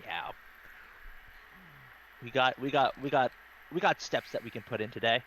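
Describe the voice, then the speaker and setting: A man's voice: mid-range voice, normal speed, a little hiss or hum, low-quality recording. A man playing a tabletop game in a casual, jokey way. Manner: jokey, lively, laughs often. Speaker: player.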